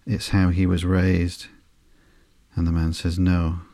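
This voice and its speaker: A man hosting a sleepy podcast, reading through a comic slowly and flatly with frequent ums and uhs. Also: deep voice, dry recording. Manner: slow, flat and unhurried, with frequent ums and uhs. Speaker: podcast host.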